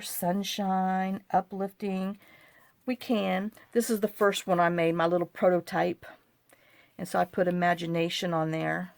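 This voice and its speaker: Sitting at her home craft desk, a woman wired on too much caffeine rambles and apologizes while presenting a craft journaling project in a casual tutorial vlog. Her medium-pitched voice is a little mellow, with no echo.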